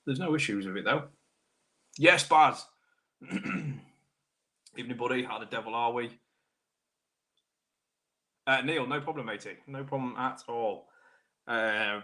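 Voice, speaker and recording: A British man, a car technician, hosting a live stream, chatting casually with viewers by name while clearing a sore throat. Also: mid-range voice, moderate pace, pauses often, sharp tone. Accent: British English. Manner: chatty, matey banter, greets viewers by name. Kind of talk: casual live-stream chat reading comments.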